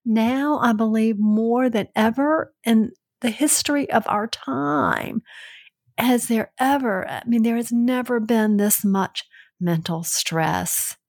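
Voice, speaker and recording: Here a middle-aged podcast co-host with a Southern US accent chats casually, her voice on the high side and her pace slow. The tone is earnest and warm.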